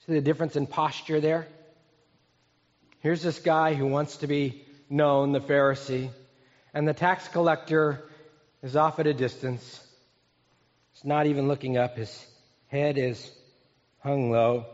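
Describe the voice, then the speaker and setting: A male pastor preaching in a relaxed, conversational way, telling stories with pauses and restarts. His voice sits a little high for a man. The sound is muffled and echoes through a large hall. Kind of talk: sermon. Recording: dull, echoey hall recording.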